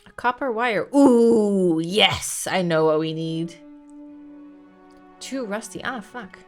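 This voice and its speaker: A woman's voice: mid-range voice, lively intonation, slow pace, soft background music. A woman giving casual let's-play commentary, chatting and thinking aloud as she plays, swearing when frustrated. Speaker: gaming streamer.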